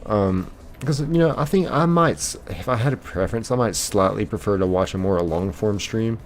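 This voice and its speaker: An American man hosts a livestream, reading viewer comments aloud and answering them in a rambling, casual style packed with fillers. His voice is fairly low and his pace normal, with a little hiss or hum on the recording.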